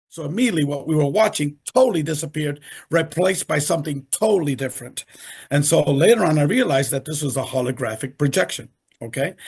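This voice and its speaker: An older man, a retired professional, is an interview guest on a video call, recounting his experiences in animated conversation. He is emphatic and repeats himself often, and his voice is on the high side, husky, with vocal fry.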